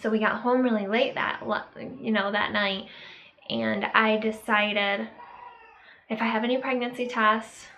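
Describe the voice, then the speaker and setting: A young woman talks to her camera in a slow, unhurried vlog, pausing often and leaning on fillers as she reflects. Her voice sits a little high and sounds bright and clear. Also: fairly even intonation, slight background noise, low-quality recording. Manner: halting and reflective, with many fillers and pauses. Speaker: vlogger. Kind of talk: casual personal storytelling to camera.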